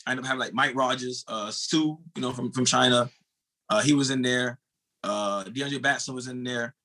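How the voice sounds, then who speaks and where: In a mid-range voice at normal speed, a thirtysomething American who used to sprint shares a race story. His talk is casual and animated, peppered with swearing and "bro" aimed at the host.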